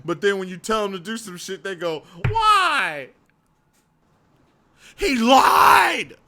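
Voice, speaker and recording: A man's voice: high voice, quick pace. A man co-hosting a podcast, chatting loosely and laughing as he recaps wrestling, often acting out what wrestlers said. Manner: animated, laughing, swearing, mimicking wrestlers. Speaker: podcast co-host. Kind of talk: casual wrestling recap chat.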